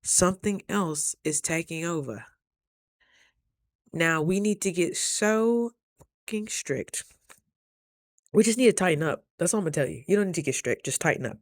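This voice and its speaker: A woman vlogger from Idaho chatting casually to camera, telling stories with animated, loud quoted asides. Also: fairly low pitch, normal speed, pauses often, dry recording, clean studio sound.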